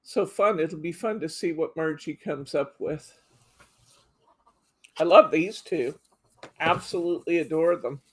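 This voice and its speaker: Slow, chatty woman hosting a craft stream. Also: deep voice, husky. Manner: chatty, reads out viewer comments, frequent laughs. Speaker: craft show host. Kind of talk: casual live craft demo chat.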